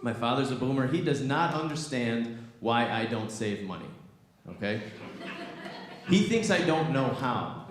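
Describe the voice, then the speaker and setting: A man's voice: medium pitch, measured pace, a little hiss or hum. Playful young man doing stand-up in an echoey room. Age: young adult. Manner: animated, playful, chatting with the crowd. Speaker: stand-up comedian. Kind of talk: stand-up comedy set. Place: small comedy theatre. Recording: echoey venue.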